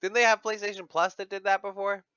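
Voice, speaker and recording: A man's voice: sits high, little pitch movement, fast talker, pushed and bright, clean tone, dry recording, dull audio. A man hosting a livestream, chatting casually with friends on voice chat, full of fillers and the odd swear. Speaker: livestream host.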